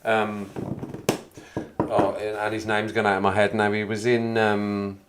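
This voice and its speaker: A man's voice: fairly low pitch, completely flat delivery, a little slow, background noise. Rambly forties guy chatting to his live stream chat, chuckles a lot, sounds a bit echoey. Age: 40s. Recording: echoey room.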